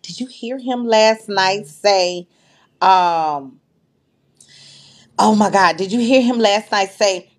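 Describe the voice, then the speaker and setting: Woman recapping a video to her viewers. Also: mid-range voice. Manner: agreeable, quick to affirm, recaps videos. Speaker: livestream host. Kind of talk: casual livestream commentary.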